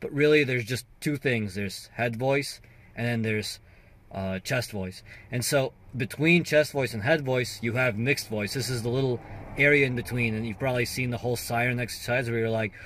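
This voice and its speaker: A man's voice: medium pitch, moderate pace, fairly bright tone. A man hosting a singing and guitar channel, explaining vocal registers casually and singing short demo notes. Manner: conversational explaining with fillers and sung demos. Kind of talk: casual video lesson.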